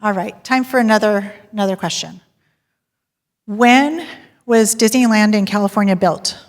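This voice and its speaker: A woman giving a sales talk to a live audience, telling stories and polling the crowd with a lively, laughing manner. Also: mid-range voice, moderate pace. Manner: lively storyteller, polls the audience and laughs often. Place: large hall with audience. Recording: long hall reverb.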